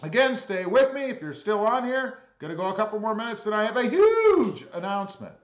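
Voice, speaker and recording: A man's voice: high-pitched, big pitch swings, brisk, reverberant, highs cut off. A man hosting a casual livestream who reads viewer comments aloud and greets each viewer in a friendly way, with dry teasing asides. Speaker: livestream host.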